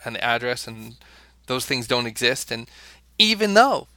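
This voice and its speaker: A man's voice: medium pitch, sing-song, moderate pace, pushed and bright, no room sound. An American man co-hosting a podcast, talking in a loose, rambling way with frequent restarts. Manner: rambling, with many restarts and fillers. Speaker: podcast co-host. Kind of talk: casual podcast chat.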